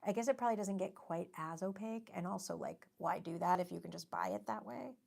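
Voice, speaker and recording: Chatty woman with a gravelly low voice. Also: fast talker, darkish tone. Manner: chatty, self-deprecating, reads viewer comments aloud. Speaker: livestream host and watercolor artist. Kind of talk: casual livestream chat while painting.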